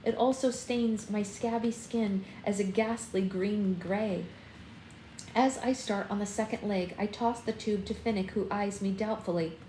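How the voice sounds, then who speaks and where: A woman's voice: medium pitch, steady tone, a little slow, warm tone, a little hiss or hum. A woman hosting a book club, reading a first-person novel aloud expressively and acting out the dialogue, on a phone live stream. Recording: roomy room with faint ambience.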